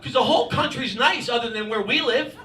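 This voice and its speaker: New stand-up guy, high voice, chatty crowd-work, roomy club mic with laughter behind. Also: a little fast, recorded from a distance. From New Jersey, US. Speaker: stand-up comedian. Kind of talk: stand-up set. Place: comedy club with live audience.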